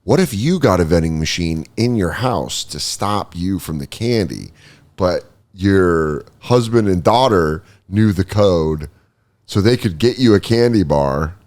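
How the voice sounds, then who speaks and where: A man's voice: sits low, lively intonation, measured pace, a little mellow. A man hosting a podcast, chatting casually and joking loosely, swearing freely. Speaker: podcast host. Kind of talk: casual chat.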